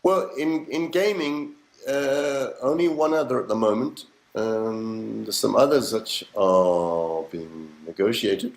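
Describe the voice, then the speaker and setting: Middle-aged man telling lively anecdotes. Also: on the low side, slow pace, low-quality recording. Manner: animated anecdotes with acted-out quotes and swearing. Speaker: voice actor guest. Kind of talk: casual interview storytelling.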